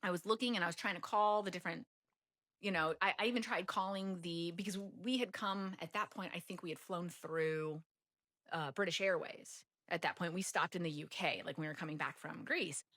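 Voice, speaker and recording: This American woman has a low-leaning, somewhat bright voice and talks a little fast. As a guest on a podcast, she shares a travel anecdote in a chatty style, sprinkling in "like" and dramatizing her earlier lines.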